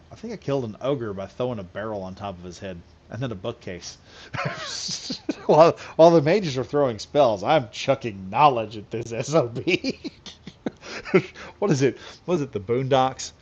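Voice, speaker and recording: A man's voice: medium pitch, animated, fairly quick, darkish tone, a little hiss or hum. Rambling, chuckling man on a game stream. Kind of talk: casual late-night live stream chat. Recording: slightly dull lo-fi audio.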